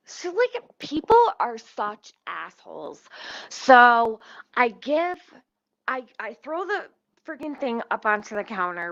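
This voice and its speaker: A woman's voice: medium pitch, bright, forceful tone, no room sound. A woman vlogger telling a story in a heated, profane rant. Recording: dull lo-fi dry sound.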